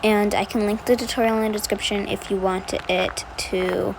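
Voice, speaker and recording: A woman's voice: mid-range voice, fairly even intonation, moderate pace. Casual young woman, rambling tutorial narrator, faint room hiss. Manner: chatty, self-deprecating, rambling with fillers. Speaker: video editing tutorial creator. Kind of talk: casual screen-recorded tutorial voice-over.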